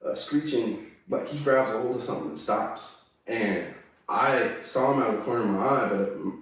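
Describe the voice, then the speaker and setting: A man's voice: mid-range voice, normal speed. A man from California telling a story in a casual, slangy way, often saying "dude" and "like.". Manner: laid-back slangy talk full of "dude", "like" and "right?". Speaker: guest. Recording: very echoey, mic far away.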